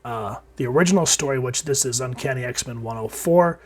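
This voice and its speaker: A man reviewing an old comic book in casual chat, sounding sick and hoarse, with frequent fillers and restarts. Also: medium pitch, brisk.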